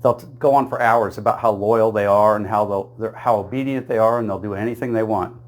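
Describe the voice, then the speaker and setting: His pitch fairly low and his intonation fairly even, a man runs through a series of jokes a little fast. He narrates plainly, laughs at his own punchlines, and briefly voices small characters for the quoted bits.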